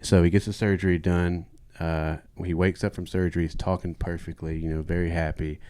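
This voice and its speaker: A man's voice: low-pitched, little pitch movement, fairly quick, dark tone, a little hiss or hum. A man co-hosting a podcast in casual, jokey chat, retelling a joke he heard. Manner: laughs often, jokey. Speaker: podcast co-host.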